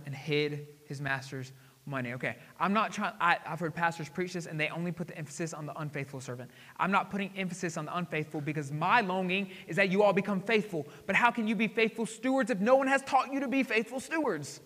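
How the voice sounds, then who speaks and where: A man pastor preaching a sermon, often asking the congregation questions and swinging between loud emphasis and quiet asides. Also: sits high. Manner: call-and-response questions to the congregation. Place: church sanctuary. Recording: long hall reverb.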